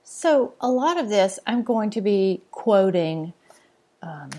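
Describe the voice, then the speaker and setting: Woman, podcast host, casual chatty monologue, fillers and asides, mid-pitched voice. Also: lively intonation, slow. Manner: chatty, with frequent fillers, asides and soft laughs. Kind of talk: casual solo podcast chat.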